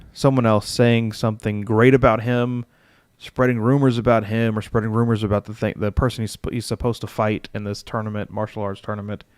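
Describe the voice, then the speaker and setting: A man's voice: lowish voice, smooth, no echo, studio quality. A man chatting casually on a livestream as he builds a game character, thinking aloud, reading rules text and answering his chat.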